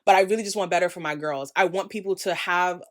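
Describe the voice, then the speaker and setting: A young woman from the United States talking straight to her camera in a candid vlog. She speaks in a slightly low voice and rants with passion. She leans on quick asides for emphasis. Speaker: creator and vlogger.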